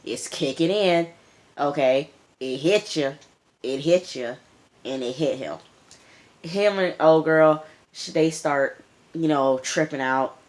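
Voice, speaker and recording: A young woman recapping a TV episode in casual chat, animated and emphatic, repeating lines for effect. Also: low-pitched, takes it slowly, long pauses. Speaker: TV show reviewer.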